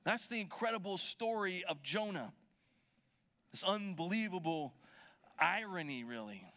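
Male pastor, bright and high-pitched, conversational sermon delivery that keeps checking in with the congregation. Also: expressive, measured pace. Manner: conversational retelling, checking in with listeners.

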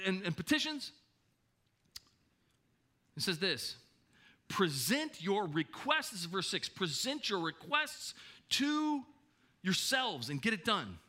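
A man preaching a sermon, animated and emphatic, often repeating his points. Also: high voice. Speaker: pastor.

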